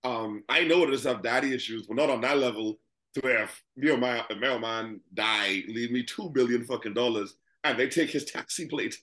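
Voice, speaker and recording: A man co-hosting a casual chat about a TV show, swearing freely, laughing, and jumping into high-pitched acted quotes. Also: a little fast, a bit bright, reverberant. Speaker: podcast co-host.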